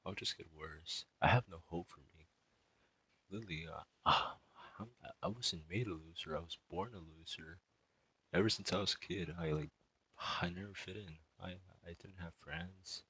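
A distraught young male student in an emotional spoken monologue, rambling and halting, with many sighs and fillers. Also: low voice, bright, forceful tone, slightly rough, no echo, rough recording.

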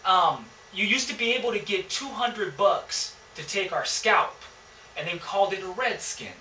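A man from Southern California, a rapper guest, telling stories in slangy, animated casual chat. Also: sits high, moderate pace, a little hiss or hum. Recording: roomy echo, distant mic, dull sound.

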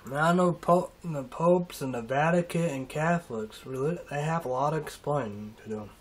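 A man rambling through a halting, emotional monologue in a casual vlog, trailing off and restarting often. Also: a little high, a little hiss or hum. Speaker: vlogger.

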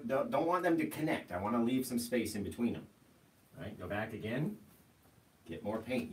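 Brief: male painting instructor, chatty and easygoing, room echo, mic set back. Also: on the low side. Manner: relaxed, chatty, keeps asking "right?". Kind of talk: live painting tutorial. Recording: roomy sound, mic at a distance, faint noise.

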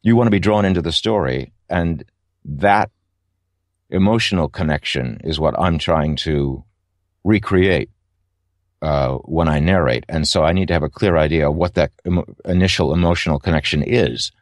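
A man's voice: extremely low pitch, moderate pace, no room sound, clean studio sound. A middle-aged man, an audiobook narrator, giving thoughtful, rambling interview answers with many fillers and restarts.

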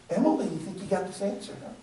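A man's voice: high voice, mellow. A man teaching a ministry class, acting out both sides of conversations and laughing often. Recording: echoey room from far off, faint noise.

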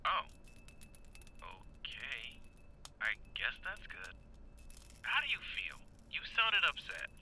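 A man's voice: mid-range voice, huge pitch swings, takes it slowly, long pauses, bright, forceful tone, slight background noise, full character voice. An actor playing an anxious son checking on his mother by phone in a game. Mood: worried. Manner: hesitant, worried. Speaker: game character.

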